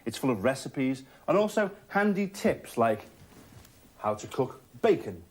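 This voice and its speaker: A man's voice: mid-range voice, sing-song, unhurried. A man doing a sardonic stand-up comedy monologue, chuckling at his own jokes. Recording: noisy recording, laughter behind.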